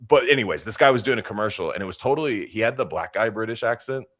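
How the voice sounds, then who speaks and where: Brief: low-voiced male podcast host, very lively pitch, rambling crude chat, swears freely. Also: fast talker. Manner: rambling, swears a lot, mocks accents in high put-on voices. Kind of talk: casual crude banter.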